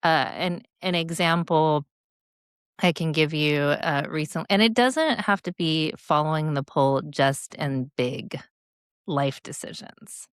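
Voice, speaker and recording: A woman in her forties talks slowly and reflectively, like a coach working through a personal story. Her low voice is smooth and clear, and the recording is close and dry with no room sound. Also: no room sound. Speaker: guest speaker and leadership coach. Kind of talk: podcast interview.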